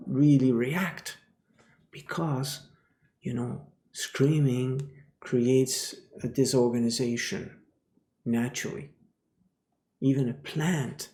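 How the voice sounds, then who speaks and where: A man's voice: mid-range voice, gravelly, mellow. A man giving a spiritual teaching talk, dropping into whispers and repeating phrases like a chant. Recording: roomy echo.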